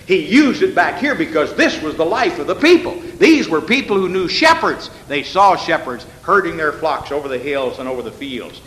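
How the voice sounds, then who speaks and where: Bright-voiced guy preaching in a church, punchy and folksy, lots of hall echo. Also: a little high, a little hiss or hum. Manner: emphatic, with rhetorical questions and folksy asides. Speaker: pastor. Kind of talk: evening sermon with scripture reading. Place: church sanctuary. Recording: echoey hall with long reverb.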